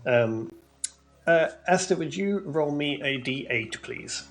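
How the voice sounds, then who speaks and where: A man's voice: on the high side, lively intonation, slow. A man running a tabletop game as game master, narrating the scene in a hesitant way, full of ums. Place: home room.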